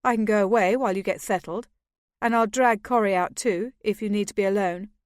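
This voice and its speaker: A woman voicing a calm, soothing young nobleman in an audiobook. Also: mid-range voice, a little fast, no echo, clean studio sound, natural voice. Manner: smooth and soothing. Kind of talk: audiobook character voice.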